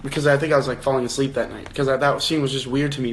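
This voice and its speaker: Young guy on a phone livestream talking through a book, restarts a lot, asks viewers stuff, mid-pitched voice. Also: fairly even intonation, quick pace, slight background noise. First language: English. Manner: thinking aloud, frequent restarts and rhetorical questions. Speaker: livestream host leading a book discussion. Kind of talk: casual livestream chat.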